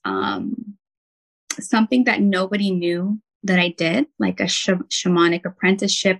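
An earnest woman telling her own story in conversation, her voice carrying a light vocal fry at the ends of phrases. She sits in the middle of the usual female range and speaks in a heartfelt, unpolished way, full of "um" and "like". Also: mid-range voice, poor audio. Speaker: podcast guest, intuitive healer and nurse.

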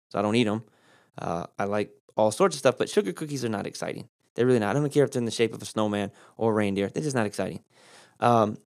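Chatty male Bible teacher. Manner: conversational, animated pitch jumps for emphasis. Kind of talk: casual Bible teaching podcast.

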